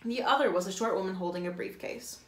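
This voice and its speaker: A teacher reading a novel aloud in a plain way, now and then stumbling and correcting herself. Her voice is at a middle pitch and echoes around the room. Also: fast talker.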